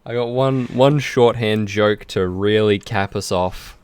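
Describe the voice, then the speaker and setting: A man's voice: on the low side, a little slow, a little mellow, clean tone, dry recording. A man co-hosting a podcast, trading laid-back one-liners and short replies in casual chat. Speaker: podcast co-host.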